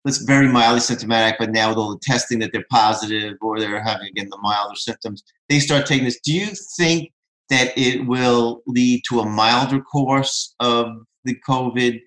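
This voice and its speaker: A man hosting a podcast asks long, rambling questions with many fillers and an easygoing, chatty manner. His voice has an ordinary middle pitch. The recording has a roomy echo. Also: fairly bright tone. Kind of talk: podcast interview.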